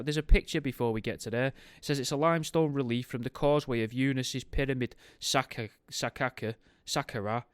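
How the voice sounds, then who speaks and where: A man with a clean, mid-range voice hosts a podcast, reading a history book and drifting into wry tangents with jokey asides. The recording is dry.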